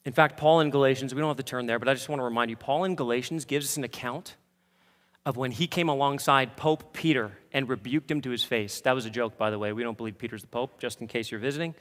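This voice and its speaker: A man preaching a sermon as pastor, moving from quiet asides to fervent, impassioned peaks. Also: medium pitch, fast talker, in a large hall. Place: church sanctuary.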